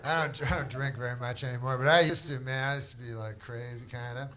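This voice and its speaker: A middle-aged man from Canada doing stand-up crowd work, with rambling, deadpan, drawling storytelling. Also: medium pitch, quick pace. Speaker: stand-up comedian. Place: comedy club stage. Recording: live club set with a loud crowd. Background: audience laughter.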